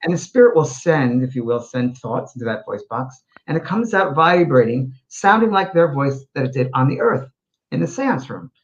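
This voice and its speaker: Animated male host, lively pitch. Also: moderate pace, muffled recording. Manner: animated storyteller, frequent restarts. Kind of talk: casual chat on a livestream show.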